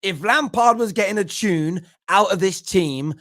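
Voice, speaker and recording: A man's voice: high voice, measured pace, a bit bright. A young adult man hosting a live football fan talk show, ranting in a blunt, slangy and fired-up way.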